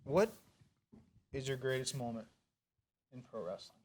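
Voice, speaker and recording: A man hosting a comedic interview, deadpan and insistent, quick to take offense. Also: mid-range voice, heavy background noise. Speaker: interview host.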